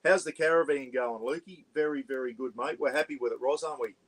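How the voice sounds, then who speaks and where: Talking quickly in a medium-pitched voice, an Australian vlog host rambles through a chatty livestream from his parked caravan. He says "bloody" a lot, and the recording is rough.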